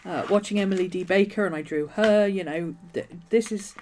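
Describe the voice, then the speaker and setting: Her medium-pitched, slightly mellow voice is brisk, with a bit of hiss or hum behind it. She's the host of a casual journaling video, rambling with frequent restarts as a nagging cough troubles her.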